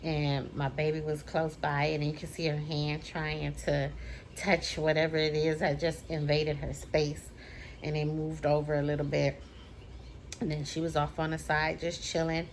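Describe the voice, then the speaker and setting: A woman with a fairly low voice tells a personal story straight to camera in a relaxed vlog. She is emphatic, repeats her lines for effect, and draws out the words that matter. Faint room ambience sits under her voice. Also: measured pace, slight background noise. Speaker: vlogger.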